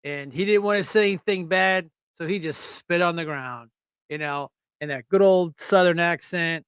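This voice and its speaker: Host from Erie, Pennsylvania: male, blunt, rambling, slightly high, smooth close-miked voice, very dry sound. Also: normal speed, fairly bright tone, dry recording. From United States. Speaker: show host. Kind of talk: casual political livestream talk.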